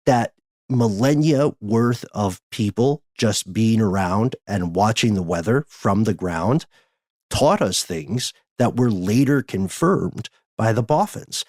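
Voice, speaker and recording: Male podcast host, deepish voice, measured and wordy, dry studio sound. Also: dry recording. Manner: measured, wordy, explanatory with filler uhs. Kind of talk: casual podcast chat.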